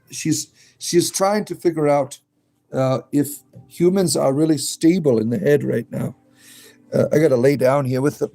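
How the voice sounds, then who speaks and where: Mellow-voiced man chatting to his rabbits. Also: mid-range voice, vocal fry. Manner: rambling, talks to his rabbits and reads out chat. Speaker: livestream host. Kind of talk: casual livestream chat. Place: indoors at home, beside his rabbits. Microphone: phone.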